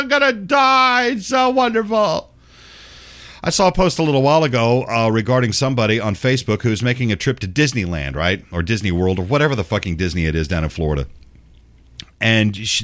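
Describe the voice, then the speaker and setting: A man's voice: medium pitch, fairly bright tone, no room sound, clean studio sound. A middle-aged man hosting a show, delivering a profane, sarcastic, exasperated ranting monologue. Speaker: show host.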